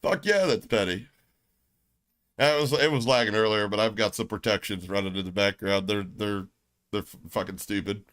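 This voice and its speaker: A man's voice: on the low side, moderate pace, fairly bright tone, smooth. Man, Southern US accent, middle-aged, brash, foul-mouthed, casual livestream rant. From United States. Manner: brash, profane, blunt. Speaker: streamer.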